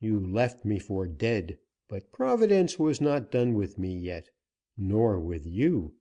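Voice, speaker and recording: A grim western gunman laying down his terms, voiced by a male audiobook reader. He speaks coldly and deliberately, slow-paced, with a dark, mellow tone and only slight lift above the reader's plain voice. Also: on the low side, sing-song, full character voice. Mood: commanding. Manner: commanding, cold, deliberate. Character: grim, steely male gunman seeking vengeance.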